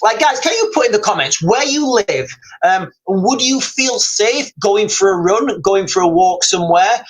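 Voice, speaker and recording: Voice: medium pitch, animated, normal speed, low-quality recording. Rambling streamer, loose live chat with the audience, keeps saying "guys". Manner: rambling, repeatedly addressing viewers as guys. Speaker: livestreamer reading chat.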